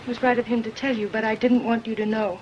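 A woman's voice: fairly high pitch, little pitch movement, fast talker, a little mellow, a little hiss or hum, natural voice. An actress playing a troubled, fearful young woman in an old film clip, speaking in a pleading way. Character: young woman, fearful and sad, believes herself cursed. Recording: dull old film soundtrack with music.

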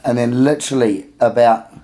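A man's voice: mid-range voice, moderate pace. A man telling a funny story in casual conversation, laughing and acting out the people in it. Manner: animated, laughing storyteller who acts out voices. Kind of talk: casual storytelling in a podcast chat.

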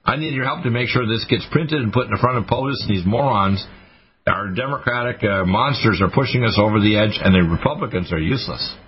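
A man's voice: fairly low pitch, a little fast, breathy edge. A man hosting a radio talk show, delivering an emphatic, grandiose rant. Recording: dull lo-fi radio audio.

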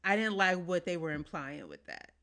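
A woman's voice: fairly low pitch, big pitch swings, normal speed, fairly bright tone. Chatty woman hosting a podcast. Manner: chatty, laughs often, restarts mid-sentence. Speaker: podcast host. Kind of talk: casual chat.

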